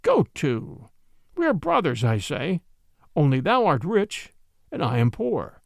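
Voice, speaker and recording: A man's voice: fairly high pitch, wildly swooping pitch, unhurried, vocal fry, dry recording, studio quality, exaggerated voice. A man playing a merry, bold young outlaw disguised as a beggar, talking in a cheerful, teasing, sly way.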